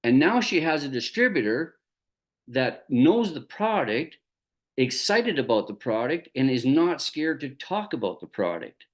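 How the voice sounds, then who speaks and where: A man from Canada talking through his business in a relaxed, folksy way. His pitch moves a lot, rising and dipping as he acts out back-and-forth conversations. It comes across like a friendly training talk to his team. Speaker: network marketing business trainer. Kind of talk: casual motivational talk with storytelling.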